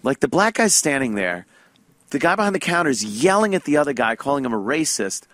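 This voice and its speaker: A man's voice: mid-range voice, very animated, fairly quick, a bit bright, no room sound. A man chatting casually as a podcast host, profane and mocking, often mimicking people. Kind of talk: casual chat.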